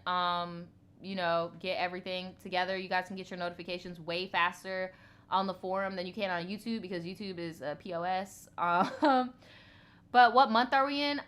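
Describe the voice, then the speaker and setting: A woman's voice: mid-range voice, a bit bright, clear, resonant tone. A woman hosting a storytime video, reading viewer stories aloud and chatting bluntly to her viewers, with plenty of swearing. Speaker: storytime host.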